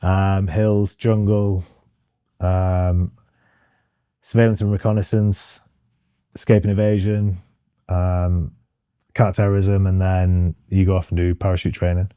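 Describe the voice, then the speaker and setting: A man's voice: low voice, level tone, measured pace, pauses often, mellow, smooth, dry recording, studio quality. A British man in his thirties, a guest in an interview, talking frankly with many ums and restarts. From Britain. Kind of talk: casual interview chat.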